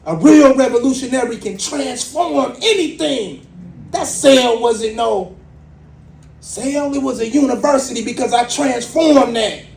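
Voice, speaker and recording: A man, giving an impassioned, rhythmic, preacherly speech to a crowd at a community event, building to loud emphatic peaks. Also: very high voice, a little slow, gravelly, slight background noise. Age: 40s. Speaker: exonerated speaker at a book launch. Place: community event hall with audience. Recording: echoey hall, mic from far off.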